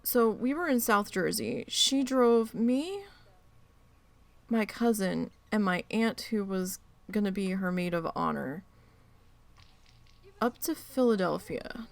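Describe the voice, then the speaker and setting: Woman streamer rambling a story, swears a lot, does the voices, mid pitch. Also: slow, creaky, long pauses, no room sound. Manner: swearing, animated retelling with quoted voices. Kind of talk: casual storytelling while gaming.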